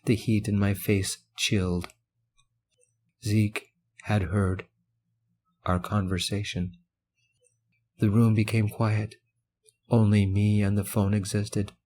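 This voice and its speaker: Low, even male audiobook narrator. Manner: measured, earnest storytelling. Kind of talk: first-person audiobook narration.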